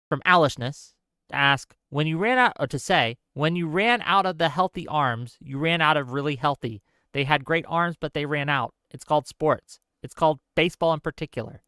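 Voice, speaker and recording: Reading donations during a casual live-stream chat, this male host quizzes his panel and reads paid messages quickly one after another. He sounds a little high and bright, forceful yet clear and resonant. Sound is clean studio quality with no room echo.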